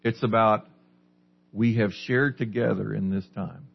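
A man delivers a sermon in a low, husky voice, putting questions to his listeners and then answering them. The recording is dull and lo-fi. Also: fairly even intonation, unhurried. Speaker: pastor.

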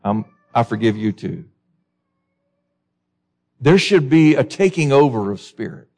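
A man preaching a sermon with passion, climbing to high, emphatic peaks when he quotes scripture and pressing his listeners with direct questions. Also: lively intonation, unhurried, darkish tone. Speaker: pastor.

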